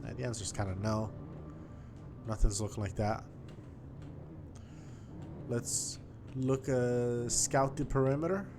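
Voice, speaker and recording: A man's voice: medium pitch, steady tone, slow, pauses often. A man giving casual gameplay commentary, chatty and thinking aloud as he explores, with faint game music behind him. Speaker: gaming YouTuber.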